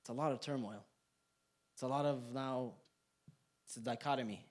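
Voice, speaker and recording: This class instructor is a young man speaking at medium pitch and a moderate pace, with a darkish tone. He leads an interactive talk in a community center classroom, joking casually and quizzing the room in a playful way.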